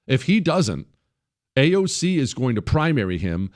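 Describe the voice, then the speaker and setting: Guy hosting a political radio show, combative and sarcastic, mid pitch, keeps repeating himself for punch. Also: very animated, moderate pace. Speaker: radio talk show host. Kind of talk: political talk radio monologue.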